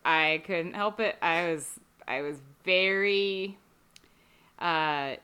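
A woman in casual podcast chat, animated and frank, breaking into laughter as she recaps a movie. Her voice is bright and smooth, with a crisp edge. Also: fairly low pitch, slow pace. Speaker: podcast co-host.

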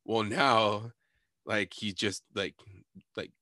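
A man in casual chat, telling a bar story in an animated, profane way, laughing and acting out what people said. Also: fairly low pitch, takes it slowly, no room sound, studio quality. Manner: animated, profane, laughs often, acts out quotes.

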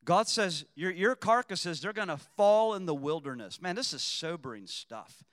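High bright-voiced preaching man. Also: lively intonation, moderate pace, dry recording, big-room sound. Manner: preaching with surges to shouting emphasis. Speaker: pastor. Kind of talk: sermon.

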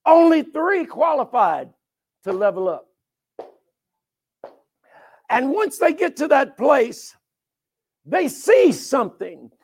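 A preacher with a strikingly high voice for a man leads a sermon, calling on the congregation to answer back. He bursts into sudden shouts, then drops to a near murmur. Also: sing-song, slow pace, long pauses. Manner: emphatic, swings from sudden shouts to hushed asides. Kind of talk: sermon with call and response.

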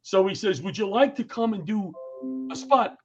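Middle-aged New man, high voice, animated storyteller, dull lo-fi recording. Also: moderate pace, soft background music. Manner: animated storyteller, acts out quotes in raised voice. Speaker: guest comedian and former firefighter. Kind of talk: storytelling in casual interview chat.

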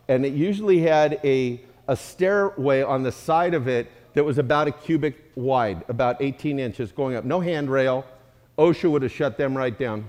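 A man preaching as a guest speaker, retelling a story with humor and acted-out voices. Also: on the high side. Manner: animated, humorous, acts out voices. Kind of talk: storytelling sermon. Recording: echoey hall.

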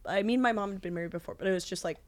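A woman's voice: mid-range voice, rapid-fire, no room sound. A woman in her thirties in a casual podcast chat, telling stories and laughing often. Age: 30s. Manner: chatty storyteller, laughs often.

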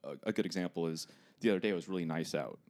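A man's voice: low-pitched, rapid-fire, a little mellow. A man from Northern California chatting casually as a podcast guest in a laid-back, self-deprecating way.

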